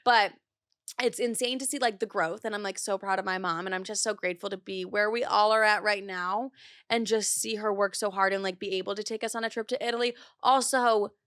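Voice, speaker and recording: A woman's voice: medium pitch, fairly even intonation, brisk, fairly bright tone, smooth, no room sound, clean studio sound. Chatty young woman podcast host. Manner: chatty, swears freely, lots of "like". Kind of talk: casual chat.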